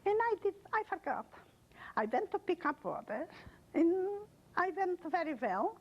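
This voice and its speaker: An older woman from Poland giving an oral history testimony, speaking in halting, emotional English with broken non-native grammar. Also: very high-pitched, big pitch swings, dull audio. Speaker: interviewee.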